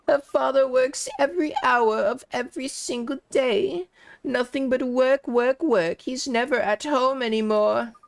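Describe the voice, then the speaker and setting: A woman's voice: high voice, a little slow, gravelly, voice pushed up. A woman voicing a gossipy, kindly old female neighbor who gets sentimental and fussy. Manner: fussing, sentimental, quavering.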